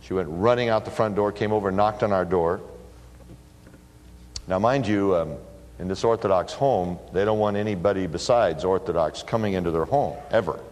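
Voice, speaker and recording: Middle-aged guy preaching, lowish voice, big echoey church hall. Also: normal speed. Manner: animated storytelling, bursts of emphasis. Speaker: pastor. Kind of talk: sermon. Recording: long hall reverb.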